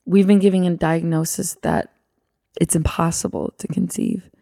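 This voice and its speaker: A woman co-hosting a podcast, guiding listeners through a prayer meditation and praying aloud softly and gently. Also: lowish voice, steady tone, normal speed, vocal fry, dry recording, studio quality. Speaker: podcast co-host.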